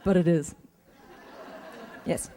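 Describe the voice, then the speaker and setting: With some chatter in the background, a middle-aged woman speaks slowly in a mellow voice. She is answering fan questions on a convention stage before an audience, chatty and rambling, with frequent laughter, in a casual Q&A.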